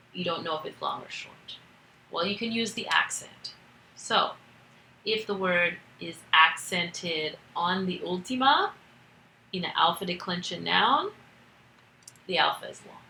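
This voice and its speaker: A woman's voice: on the low side, lively intonation, unhurried, creaky, pauses often, bright, forceful tone, reverberant, slight background noise, poor audio. A woman teaching a recorded grammar lesson, explaining step by step with patience and the odd filler. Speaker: Greek teacher.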